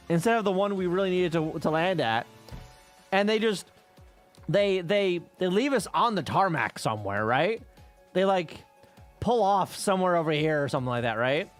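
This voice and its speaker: Animated, profane man chatting on stream. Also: high voice, normal speed, faint music behind. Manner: profane, rambling travel storytelling. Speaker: livestreamer. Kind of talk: casual chat with stream viewers.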